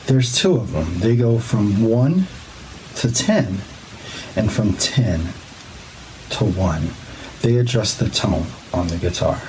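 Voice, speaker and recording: A man playing a slow, deadpan male instructor in a comedy lesson sketch. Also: fairly low pitch, slight background noise, poor audio.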